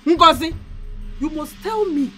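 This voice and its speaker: An actress with a Nigerian accent playing a mother who loudly and indignantly confronts a rival woman. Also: high voice, expressive, a little slow, soft background music, heavily acted. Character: mother accused, indignant and defiant.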